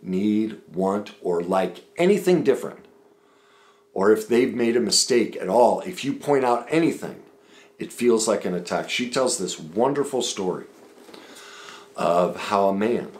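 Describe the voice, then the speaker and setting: A man's voice: sits low, echoey room. A man giving relationship advice straight to the viewer, emphatic and driving his points home with repeated lists. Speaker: relationship coach. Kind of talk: direct-to-camera advice talk.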